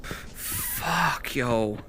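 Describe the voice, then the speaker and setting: A man's voice: on the high side, wildly swooping pitch, very slow, bright, forceful tone, a little hiss or hum. A man streaming a horror game, jumpy and swearing constantly, with nervous laughter. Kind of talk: live horror game commentary.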